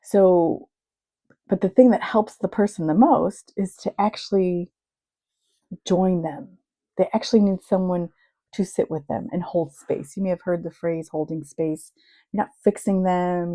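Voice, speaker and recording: A middle-aged woman who works as a marriage and family therapist talks candidly about her own experiences, reflective, earnest and openly sharing. Her voice sits on the low side, mellow and unhurried with fairly even intonation. The recording is dry and rough.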